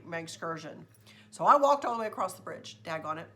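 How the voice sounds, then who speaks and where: A woman telling a story in a chatty, expressive vlog. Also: fairly low pitch, brisk. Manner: chatty, expressive, says "y'all". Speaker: vlogger.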